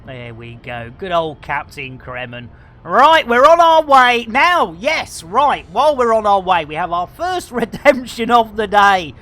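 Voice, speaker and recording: Woman streamer, lively swooping voice, slow unhurried talk, jokey and loud at times. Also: medium pitch. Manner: jokey, theatrical, shouts greetings. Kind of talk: live game stream chat.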